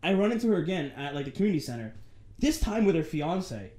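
Animated young man telling a story. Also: a little high, fast. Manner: animated, acts out dialogue, swears freely. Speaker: podcast co-host. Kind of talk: casual storytelling.

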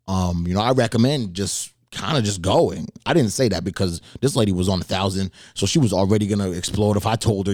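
A relaxed, low-voiced man hosting a podcast, spinning a story in a loose, wry way with plenty of casual swearing. His voice sits close and dry, with no room sound around it. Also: fairly quick, no echo. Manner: laid-back, profane and wry. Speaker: podcast host.

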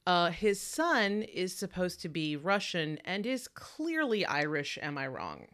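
A woman's voice: lowish voice, very animated, measured pace, a bit bright. A woman co-hosting a casual movie-talk show, chatty and opinionated, swearing freely. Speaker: podcast co-host.

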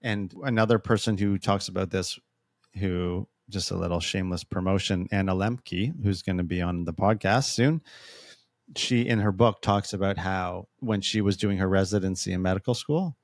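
Low-voiced man explaining, dry. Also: steady tone, normal speed, dry recording. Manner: explanatory, with frequent restarts. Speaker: podcast co-host. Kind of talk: casual podcast discussion.

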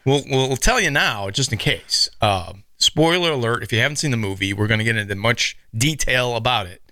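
A man's voice: medium pitch, lively intonation, moderate pace, sharp tone, no echo. A man hosting a horror movie podcast in casual chat, laughing often and saying he is losing his voice. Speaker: podcast host.

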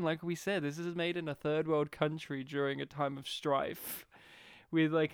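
Man, casual film chat, animated, laughing, smooth clear voice, dry close sound. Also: on the high side, no echo. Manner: animated, laughs often, acts out scenes in voices. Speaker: podcast co-host.

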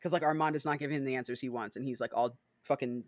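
Animated, swearing podcast co-host, dry sound. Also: fast talker, no echo. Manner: animated, swears freely, peppers speech with "like" and "right?"; acts out characters with sudden high, loud voices. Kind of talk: casual book discussion.

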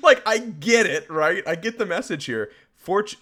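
Animated, ranting man podcast co-host. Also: high-pitched, moderate pace. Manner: exasperated, animated ranting with laughs. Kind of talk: casual podcast chat.

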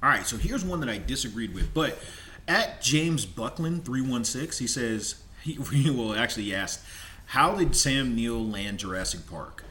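A man's voice: medium pitch, lively intonation, moderate pace, bright, forceful tone. A man co-hosting a podcast in casual chat, reading out listener submissions and laughing often. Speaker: podcast co-host.

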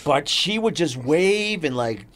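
A middle-aged man, co-hosting a podcast, telling family stories in casual chat with plenty of swearing and sudden loud laughs. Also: a little high, lively intonation, takes it slowly, slight background noise. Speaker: podcast co-host.

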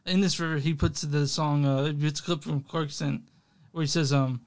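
A man's voice: a little high, steady tone, moderate pace. A man co-hosting a casual music podcast, rambling with fillers and frequent laughs. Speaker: podcast co-host. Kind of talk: casual chat about music.

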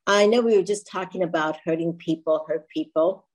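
Low-voiced woman hosting a talk show. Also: brisk, darkish tone, husky, poor audio. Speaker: host. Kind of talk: casual podcast talk.

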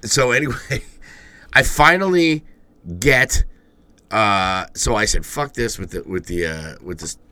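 A man's voice: on the low side, expressive, a little slow, bright, forceful tone, no room sound. A man co-hosting a podcast, telling a rambling story in casual chat, swearing and laughing often. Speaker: podcast co-host.

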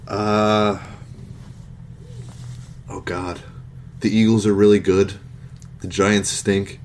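A man's voice: on the low side, little pitch movement, takes it slowly, slight background noise. A man co-hosting a casual sports podcast, sarcastic and self-deprecating. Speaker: podcast co-host.

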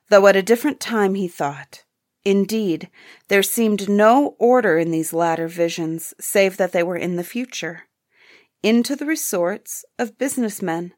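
A woman narrating a classic story for an audiobook in a calm, measured storytelling manner. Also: mid-range voice.

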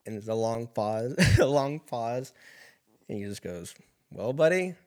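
A man's voice: on the low side, a little slow, darkish tone. A young man casually telling a rambling, profane personal story, laughing in the middle of sentences.

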